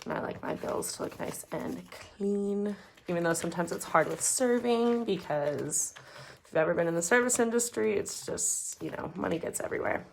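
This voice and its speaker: A woman's voice: medium pitch, normal speed, gravelly, slight background noise. A woman in her twenties chatting casually as a budgeting vlogger, rambling and muttering numbers as she counts bills at home. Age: 20s. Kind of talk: casual chat while counting cash. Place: home, dog nearby.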